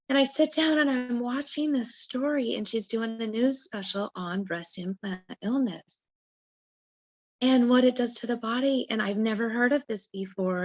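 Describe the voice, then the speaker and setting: A woman guest on a podcast, telling her personal story in an emotional, animated way and acting out her own past words. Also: a little high, dry recording.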